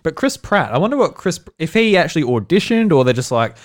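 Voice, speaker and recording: An Australian man co-hosting a podcast at a casual pace. He laughs often, swears freely and drops into quick voices when he retells what someone said. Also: on the high side, big pitch swings. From South Australia. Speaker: podcast co-host. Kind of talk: casual chat.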